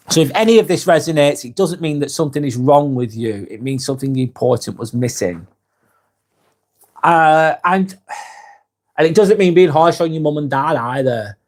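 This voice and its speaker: A man's voice: medium pitch, a little mellow. A middle-aged man from England with a Lancashire accent, hosting a live vlog. He has a cold and coughs now and then, and he talks frankly and casually, swearing freely and restarting his sentences. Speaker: vlog host. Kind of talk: live-stream chat reading comments.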